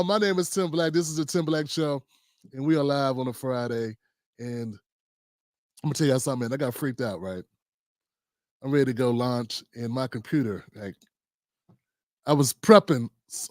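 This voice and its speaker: A man hosting his own live stream show, telling a story in casual slang with lively voices and sung riffs. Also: a little high, no echo, studio quality. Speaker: host.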